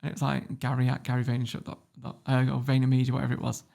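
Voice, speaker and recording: A quick-talking man from northern England with a gravelly, creaky voice. He tells a story as a podcast guest, loose and animated, swearing freely as he goes. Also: mid-range voice. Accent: northern English. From Warrington, England. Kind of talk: casual interview storytelling.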